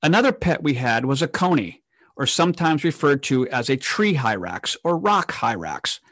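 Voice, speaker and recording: A man reading a scripted narration in an even tone. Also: mid-range voice, moderate pace, no echo.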